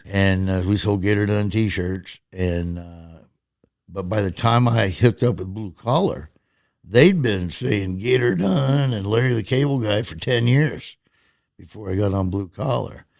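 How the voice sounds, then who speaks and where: Man, middle-aged, gravelly, dry room, comedian telling stories, acts out voices. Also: fairly low pitch, measured pace, no echo. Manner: animated storyteller, acts out quotes in raised voices. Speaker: stand-up comedian. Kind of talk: casual storytelling in an interview.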